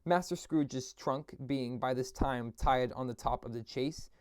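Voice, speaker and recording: A man reading a classic novel aloud at a steady pace, with occasional slips and restarts. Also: medium pitch, a little slow, clear, resonant tone, no room sound, studio quality. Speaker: audiobook reader.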